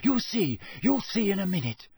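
A man reading a storybook aloud and voicing a bossy, excitable teenage schoolgirl in a breathless, insistent way. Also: high voice, normal speed, breathy edge, dry recording, clean studio sound, pitched above the performer's own voice, full character voice. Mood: eager.

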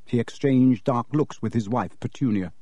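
A man narrates an audiobook from a script, telling the story in a measured yet expressive way. His voice is medium in pitch, with no echo in the recording.

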